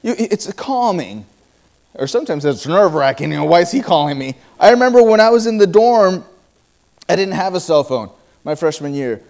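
A man preaching a sermon, telling personal stories with quoted dialogue and halting restarts. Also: high-pitched, animated, a little mellow.

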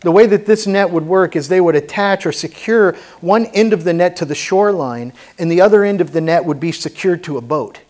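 A man with a high, slightly mellow voice preaches a sermon to his church congregation as pastor, speaking fairly quickly with few pauses. His delivery is fervent and conversational, sprinkled with asides, and the setting is a church sanctuary.

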